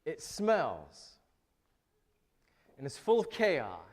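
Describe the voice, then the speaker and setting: A man's voice: on the high side, wildly swooping pitch, extremely slow, darkish tone, in a large hall. A man preaching a sermon as pastor in a church, talking to the congregation in a joking, conversational way. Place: church sanctuary.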